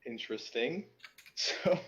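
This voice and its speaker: A man's voice: medium pitch, expressive, slow pace, a bit bright, highs cut off. A man playing in a tabletop game, casually explaining rules. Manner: laid-back, explains rules. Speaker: player.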